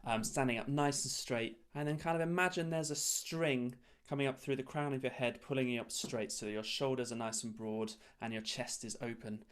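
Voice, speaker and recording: A man leading a choir's breathing warm-up over a video call, giving calm, encouraging step-by-step instructions. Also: mid-range voice, a little fast, hardly any pauses, smooth. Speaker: choir leader.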